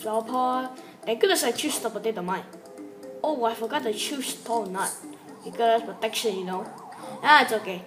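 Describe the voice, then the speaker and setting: A woman's voice: fairly high pitch, lively intonation, normal speed. Rambling woman commentating gameplay. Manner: rambling, broken English, chatty with self-talk. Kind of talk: casual game commentary. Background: game music.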